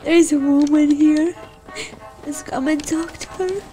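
Crying woman streamer, high voice, slow delivery, emotional and outspoken, loud noise behind. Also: fairly even intonation, faint music behind. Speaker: gaming streamer. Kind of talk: emotional reaction commentary. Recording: noisy game audio behind.

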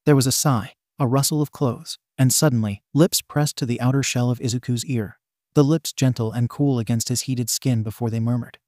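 A man reading fan fiction aloud as narrator in an even, steady way. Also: mid-range voice, moderate pace, no room sound, studio quality.

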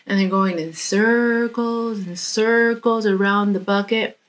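A woman tells a children's story to kids in a church, taking it slowly and dramatically. She hushes to a near whisper at tense moments and speaks at a mid pitch. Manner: slow, expressive, drops to a whisper for suspense.

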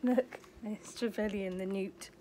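An older woman reading a children's picture book aloud, pausing to point at pictures and ask the child questions. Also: mid-range voice, animated, darkish tone, slight background noise. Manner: asks the young listener questions, points at pictures. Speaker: storyteller.

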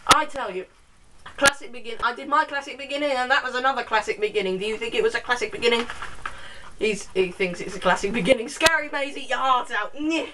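A woman's voice: on the high side, steady tone, quick pace. A young woman vlogging in a casual, giggly, rambling way, full of self-mocking asides. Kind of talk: casual chat to camera. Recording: distant camera mic with noise.

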